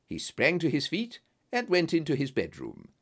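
A man reading a story aloud as narrator, in an expressive, dramatic style. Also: on the high side, moderate pace.

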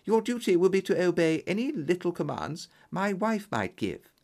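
A jovial gentleman with a gravelly edge coaxes and cajoles, as a storyteller voices him. His tone is raised and eager, swinging lively up and down. It is a storybook reading. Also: mid-range voice, normal speed. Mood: coaxing. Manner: jovial and coaxing. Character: hearty, eager middle-aged gentleman employer.

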